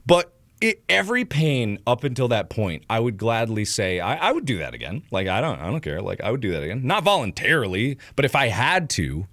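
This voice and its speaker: A young man from Ohio telling a rambling story on a livestream, full of fillers and acting out loud yelps. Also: mid-range voice, sing-song, brisk, dry recording, studio quality. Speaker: streamer.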